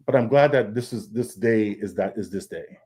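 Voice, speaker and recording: A man's voice: on the low side, normal speed, mellow. A man, a comic book artist, speaking in a casual, candid panel talk over a video call. He is earnest, restarts often, repeats words and acts out his own thoughts. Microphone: video call mic.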